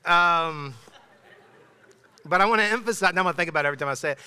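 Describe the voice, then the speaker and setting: A man in his thirties preaches in a conversational, emphatic way, doubling back on his words as he goes. His voice is very bright and smooth, a bit above the usual pitch for a man. The sound carries a long reverb from the church sanctuary. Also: fast talker. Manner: conversational, emphatic, with frequent restarts. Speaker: pastor. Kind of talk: casual sermon.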